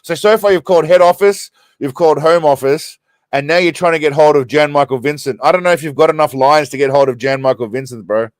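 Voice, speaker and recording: A man's voice: a little high, quick pace, no echo. Rambling Australian man on a live stream. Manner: rambling, sweary, laughs a lot, keeps getting sidetracked. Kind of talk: casual live stream chat. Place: small condo room.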